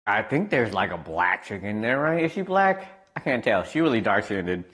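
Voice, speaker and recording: A man's voice: on the low side, very animated, normal speed, fairly bright tone. A young man from the American Midwest, a streamer chatting casually and rambling as he answers his chat aloud.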